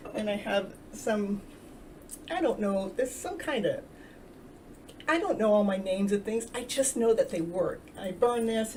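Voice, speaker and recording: A woman's voice: a little high, darkish tone. A woman hosting a casual self-love livestream, rambling, earnest and chatty, greeting viewers and laughing now and then. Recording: distant mic with faint background noise.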